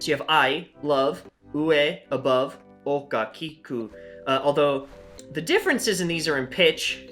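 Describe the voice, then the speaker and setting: A man's voice: fairly high pitch, sharp tone. A man giving a frank, chatty, opinionated review in a casual spoken style. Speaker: language-resource reviewer.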